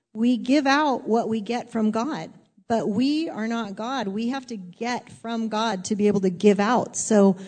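A woman's voice: fairly high pitch, warm tone. A woman pastor giving a sermon in a church, talking in a candid, chatty and self-deprecating way. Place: church sanctuary. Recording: long reverb of a large hall.

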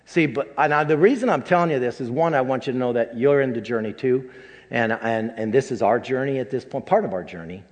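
An older man, a pastor, delivering a personal sermon in a halting, emotional way, full of restarts, in a church sanctuary. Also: mid-range voice. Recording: long reverb of a large hall.

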